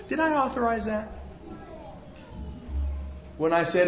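A man's voice: mid-range voice, normal speed, a bit bright. A male pastor preaching a sermon in a folksy, emphatic storytelling manner to a congregation in a church. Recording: dull lo-fi sermon recording.

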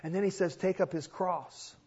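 A man's voice: high voice, normal speed, darkish tone, slightly rough, dull audio. A male pastor preaching a sermon in an emphatic style, repeating phrases for weight.

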